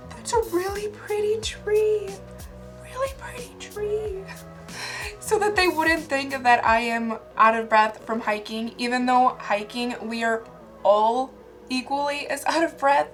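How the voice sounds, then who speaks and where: A vlogger with a slightly high, somewhat bright voice recounts amusing episodes from her own life to the camera. The young woman is chatty and breaks into laughter often.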